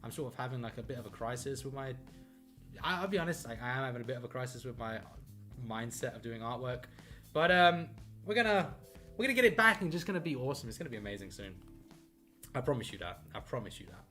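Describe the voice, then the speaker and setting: A man's voice: mid-range voice, big pitch swings, quick pace, pushed and bright, soft background music. A man chatting casually on a live stream while he draws, rambling and upbeat, often running himself down, with lots of fillers, from his home art studio. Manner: rambling, upbeat, self-deprecating, with many fillers. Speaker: artist live-streaming a drawing.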